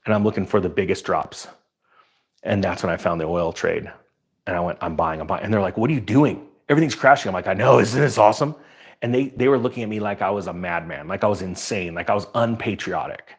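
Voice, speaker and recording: A man's voice: low voice, husky. A man hosting a finance channel, talking casually and with emphasis as he tells stories about markets. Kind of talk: casual commentary to camera.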